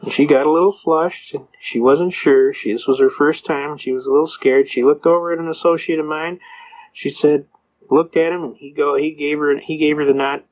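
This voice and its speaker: A man's voice: a little high, fairly even intonation, fairly quick. Folksy man telling courtroom stories. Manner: folksy, emphatic storytelling. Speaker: speaker on legal rights. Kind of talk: anecdotal lecture. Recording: dull lo-fi recording.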